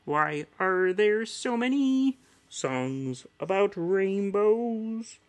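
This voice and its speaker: A man doing comic impressions of famous puppet characters, mostly high and squealing. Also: animated, drawn-out words, full character voice. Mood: wistful.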